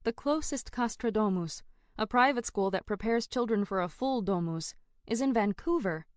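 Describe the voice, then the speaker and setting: A woman narrating a first-person fantasy audiobook in an expressive, dramatic way. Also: medium pitch, moderate pace, no room sound, studio quality.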